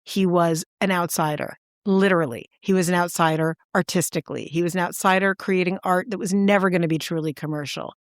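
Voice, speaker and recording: A woman co-hosting a podcast, telling a story in casual chat with animated enthusiasm and sudden jumps in pitch for emphasis. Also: fairly quick, few pauses, no room sound, clean studio sound. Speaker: podcast co-host.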